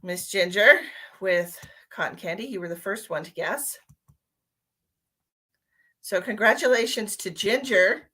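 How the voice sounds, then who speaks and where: A woman's voice: medium pitch, expressive, measured pace, pauses often, pushed and bright, slightly rough. A tired woman, a psychic medium, chatting casually on a live stream and calling viewers by name while she gives readings.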